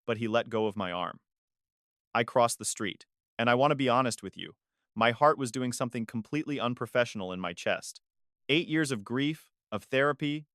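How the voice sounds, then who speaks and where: A man of middling pitch narrating a first-person drama, measured and confessional. The delivery is steady and deliberate. His voice is dry and close, with no room sound around it. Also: dry recording. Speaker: storyteller.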